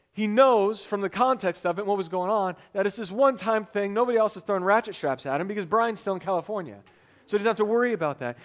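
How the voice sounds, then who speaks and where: High-voiced man telling a sermon story. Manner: animated storyteller, loud bursts when excited. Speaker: pastor.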